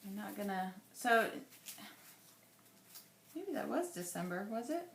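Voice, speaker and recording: A woman in her thirties, chatty and rambling as she thinks aloud while scrapbooking, her voice going a little hoarse. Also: mid-range voice, very animated, measured pace, echoey room, a little hiss or hum. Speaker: scrapbooking vlogger. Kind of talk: casual crafting chat.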